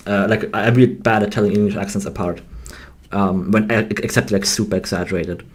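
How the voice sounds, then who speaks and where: A man's voice: fairly low pitch, steady tone, fairly quick, slightly rough. A man chatting casually with his voice actor, often restarting sentences and laughing. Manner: hesitant restarts, frequent laughter. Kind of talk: casual group chat.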